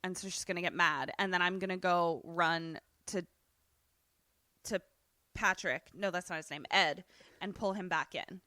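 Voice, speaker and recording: A woman's voice: on the low side, normal speed, pushed and bright, no echo, studio quality. A young woman co-hosting a podcast, joking brashly in casual chat. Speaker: podcast co-host.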